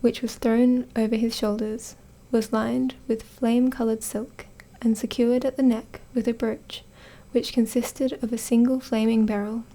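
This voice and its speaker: A young Australian woman in soft whispered audiobook narration, reading carefully with small stumbles. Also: fairly high pitch, little pitch movement, unhurried, few pauses.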